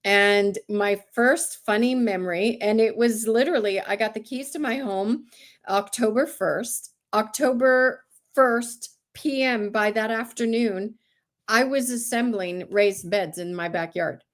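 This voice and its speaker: Guesting in a relaxed interview, this Greek-heritage farmer who grew up in California speaks with a fairly high pitch at a measured pace. She tells her stories animatedly, performing the voices of those she quotes.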